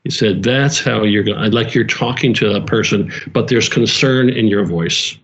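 A man's voice: on the low side, normal speed, rough recording. A man leading a small church, talking earnestly in casual conversation, repeating himself and restarting his phrases.

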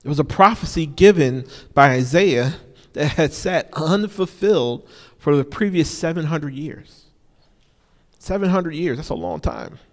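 A man's voice: fairly high pitch, expressive, a little slow. A man preaching an informal sermon, repeating key phrases for emphasis and often saying "you know". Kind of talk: conversational sermon. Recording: long reverb of a large hall.

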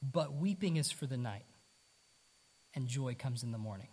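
A man's voice: mid-range voice, expressive, normal speed, a little mellow, slightly rough. A man preaching a conversational sermon to his congregation, earnest, asking rhetorical questions and repeating himself. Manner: repeats words, casual asides. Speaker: pastor.

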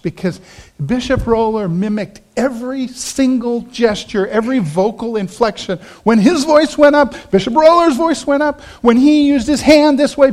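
A middle-aged male pastor delivers a sermon in a fairly high voice. He tells stories and acts out the voices of the people he quotes. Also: darkish tone.

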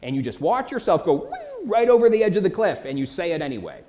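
A man preaching a sermon as pastor, animated, with dramatic quoted outbursts. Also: sits high, quick pace.

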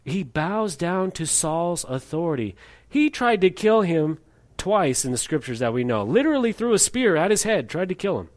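A man preaching a sermon, animated, acting out voices in his story and reading scripture aloud. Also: high-pitched, normal speed. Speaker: pastor.

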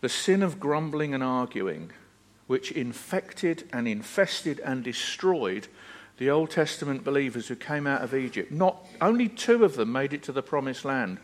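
A man's voice: mid-range voice, very animated, normal speed. A man preaching a sermon in an earnest, emphatic way, repeating phrases for weight.

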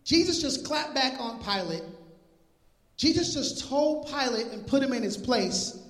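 A male pastor preaching an animated, joking sermon in casual slang, retelling scripture. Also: very high voice, unhurried. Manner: animated, jokey, laughs at his own lines. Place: church sanctuary. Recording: echoey hall.

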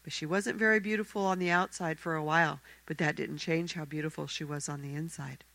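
A woman telling a fairy tale aloud in a church service, expressive and acting out the characters. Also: low voice, fairly quick, creaky, dry recording, poor audio. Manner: expressive, acts out the characters' voices. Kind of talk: animated fairy-tale storytelling.

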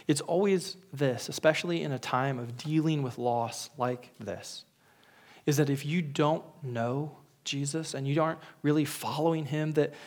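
A man preaching at a funeral, his voice sitting a little higher than most men's. He speaks earnestly, often stumbles and repeats words, and sometimes drops to a whisper on the phrases he wants to stress. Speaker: pastor. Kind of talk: funeral sermon.

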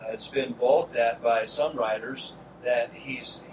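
A man's voice: mid-range voice, slow pace. A man preaching an expository Bible sermon, earnest and emphatic, repeating key phrases and speaking directly to his listeners. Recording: distant mic with steady air-conditioner hum.

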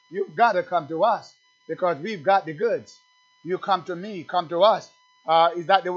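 A man preaching a sermon, emphatic and full of repeated rhetorical questions, building up to near shouting. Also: high-pitched, lo-fi sound.

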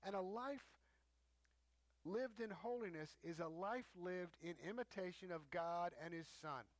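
High-voiced emphatic male preacher. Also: a little slow, dry recording. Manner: emphatic, swings pitch for stress. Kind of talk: sermon teaching.

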